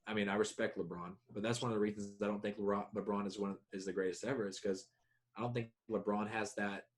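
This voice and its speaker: Guy with a lowish voice rambling about hoops, cussing, gets loud and animated. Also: quick pace. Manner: rambling, profane, animated storytelling. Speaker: podcast co-host. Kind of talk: casual sports chat.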